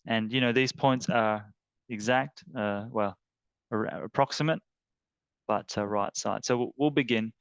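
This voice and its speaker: A man teaching an emotional tapping technique, talking in a halting, earnest way with many fillers. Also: lowish voice, vocal fry, a bit bright, clean tone, no echo, lo-fi sound. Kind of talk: guided tapping demonstration.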